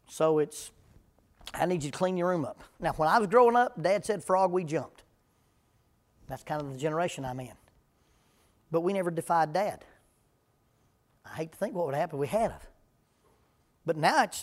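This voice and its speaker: Folksy preacher, deadpan humor. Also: male voice, high voice, normal speed, long pauses. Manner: humorous storytelling, deadpan jokes. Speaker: preacher speaking on parenting. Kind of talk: folksy talk to a live audience.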